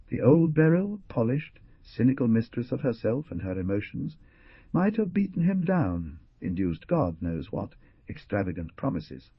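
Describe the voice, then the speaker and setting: Husky low-voiced dramatic audiobook narrator man. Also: moderate pace, no echo. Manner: expressive, dramatic. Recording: dull lo-fi dry recording.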